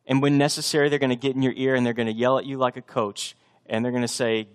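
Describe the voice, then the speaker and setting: A man's voice: medium pitch, fairly even intonation, fast. A man from Texas preaching a sermon in an earnest, conversational way, with restarts and direct challenges to the congregation. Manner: earnest, conversational preaching with bursts of coach-like shouting. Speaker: pastor.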